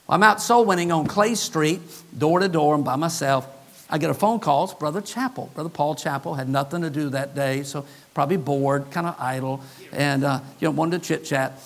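A male pastor preaching, telling a story and acting out the dialogue in lively, shifting voices. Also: a little high, a little fast. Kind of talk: sermon storytelling. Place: church.

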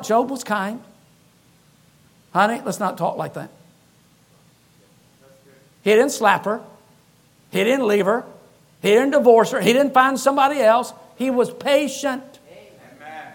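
Man, pastor, sermon, very high voice, emphatic, repetitive, humorous asides.

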